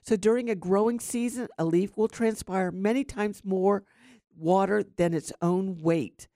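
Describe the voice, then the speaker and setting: A woman's voice: mid-range voice, measured pace, dark tone, no room sound, clean studio sound. A woman hosting a syndicated radio gardening show, chatting casually with many fillers and explaining plant science. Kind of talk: casual radio talk with call-ins. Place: radio studio.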